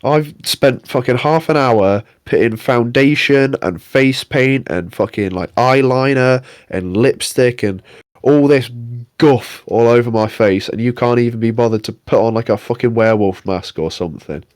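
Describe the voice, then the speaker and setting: A young man rants on a casual podcast, exasperated and swearing freely. His voice sits at an ordinary middle pitch. The sound is close and dry, with no room around it. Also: normal speed, no echo. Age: young adult. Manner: sweary, exasperated ranting with mock impressions. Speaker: podcast co-host. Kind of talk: casual ranting chat.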